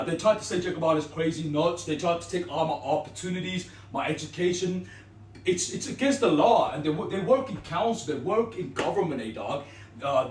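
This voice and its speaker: Slangy guy ranting to the camera, kinda high voice, far from the mic in an echoey room. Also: slight background noise. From Sri Lankan Tamil family. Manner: rambling, slangy, keeps tagging lines with "eh, dog". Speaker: vlogger.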